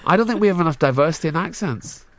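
A man's voice: fairly high pitch, lively intonation, racing, dry recording. A man with a Glaswegian accent hosting a radio show, chatting and teasing his co-hosts in a studio. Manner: joking, teasing, playful. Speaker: radio host. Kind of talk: casual studio chat.

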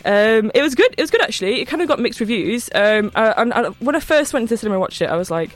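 A woman's voice: fairly high pitch, animated, rapid-fire, dry recording. Giggly young woman reviewing films. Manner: giggly, self-conscious, hesitant. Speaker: work experience film reviewer. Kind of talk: casual film review chat.

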